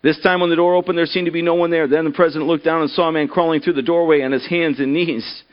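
A man's voice: on the high side, steady tone, quick pace. A man preaching a sermon and reading a story aloud, earnest, often repeating words as he starts a thought. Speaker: pastor. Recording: dull lo-fi recording.

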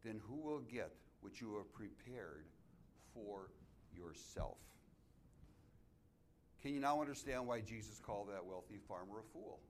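A middle-aged male pastor preaching a sermon in church, telling a story with many restarts and building to loud, emphatic climaxes. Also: on the low side, lively intonation, unhurried, long pauses, slight background noise. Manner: storytelling, repeats and restarts phrases, rises to loud emphatic peaks.

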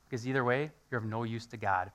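A man's voice: medium pitch, fast. A pastor, preaching a conversational sermon and acting out everyday moments in his own voice. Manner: animated storytelling, acts out quoted voices.

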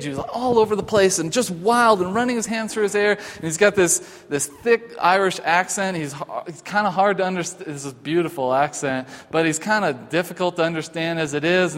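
Pastor preaching in a reverberant hall. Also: male voice, a little high. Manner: informal, halting, with many fillers and restarts. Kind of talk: conversational sermon.

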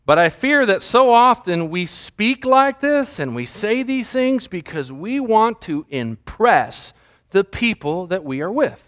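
A man's voice: high voice, very animated, measured pace, fairly bright tone. A man preaching a sermon as pastor, joking and mimicking how people pray.

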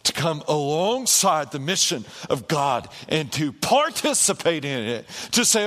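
A pastor preaching a sermon in an animated way, with repeated phrases and calls of "amen" to the congregation. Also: male voice, a little high, a little slow, few pauses. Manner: animated, repetitive rhetorical preaching with call-and-response. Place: church sanctuary. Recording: long hall reverb in a church.

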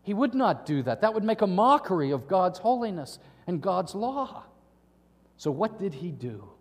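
A male pastor preaching a sermon, emphatic, with dramatic pauses and acted-out quotations. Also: high voice, very animated, big-room sound.

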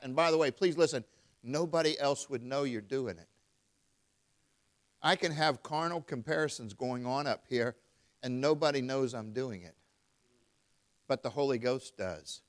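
Man, preacher, emphatic sermon, reads scripture aloud, somewhat high voice. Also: moderate pace, a bit bright. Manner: emphatic, calls out to the congregation; reads scripture aloud in King James wording.

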